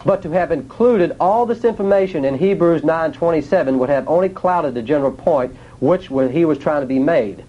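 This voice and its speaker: A man's voice: a little high, brisk, hardly any pauses, highs cut off. A man teaching a sermon in a plain, folksy way, asking his listeners rhetorical questions. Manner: nonstandard grammar, folksy speech. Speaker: preacher.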